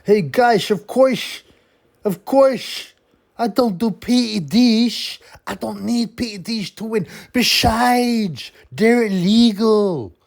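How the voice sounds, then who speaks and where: A man putting on a high, sing-song voice to mock a naive, preachy boxer. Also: slow pace, creaky, exaggerated voice. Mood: mock-earnest.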